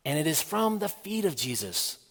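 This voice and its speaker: A man preaching a sermon in a measured, earnest way, asking the listeners rhetorical questions. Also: on the high side, big pitch swings, fairly bright tone, big-room sound.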